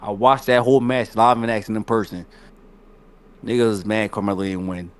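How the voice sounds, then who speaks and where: A man's voice: fairly low pitch, steady tone, brisk, smooth. A man co-hosting a casual wrestling podcast, arguing heatedly and interrupting with profanity. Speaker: podcast co-host.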